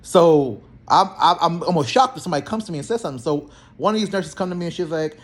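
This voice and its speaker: A young man, a healthcare therapist, telling work stories in a blunt, slangy, animated way and acting out both sides of the talk. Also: mid-range voice, fast, few pauses. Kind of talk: casual storytelling vlog.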